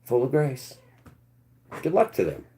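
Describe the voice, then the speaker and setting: A man's voice: medium pitch, wildly swooping pitch, measured pace, a little hiss or hum. Ranting man on a live stream. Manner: preachy, ranting, swings between loud and muttered.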